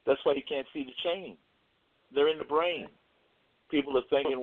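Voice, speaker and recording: A man's voice: medium pitch, steady tone, moderate pace, long pauses, no room sound. Brief: blunt, streetwise male caller, slangy, tinny dry phone line. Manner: blunt, streetwise, slangy, restarts mid-thought. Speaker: caller on a talk radio show. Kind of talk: casual call-in commentary.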